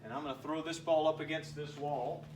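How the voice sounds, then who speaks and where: Recorded on a far-off mic over background noise, this PE coach guides a home workout in a fairly high, steady voice, talking a little fast. He keeps things upbeat and encouraging, cracks jokes, and is now and then slightly winded.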